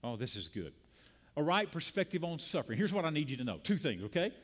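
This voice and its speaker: A man's voice: a little high, sing-song, fast talker, fairly bright tone. A man preaching a sermon as a pastor, speaking to a congregation, calling out lines for them to repeat and building to emphatic peaks. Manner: preaching with call-and-response and rising emphasis. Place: church sanctuary.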